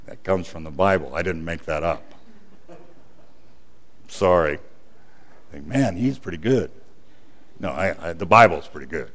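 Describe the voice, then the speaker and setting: A man preaching a sermon as pastor, building emphasis on repeated phrases and dropping softer in prayer. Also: mid-range voice, a little slow.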